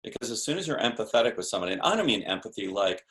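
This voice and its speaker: A man's voice: fairly low pitch, big pitch swings, very fast, few pauses, fairly bright tone. A man speaking as a sales expert guest in a podcast interview, explaining in an emphatic, punchy coaching tone with rhetorical questions.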